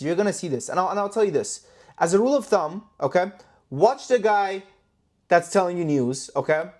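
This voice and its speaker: A man's voice: on the high side, darkish tone. A man from Canada hosting a stock market commentary vlog in a brash, profane, hype-driven way, full of rhetorical questions. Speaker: stock trading YouTuber. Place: London, indoors.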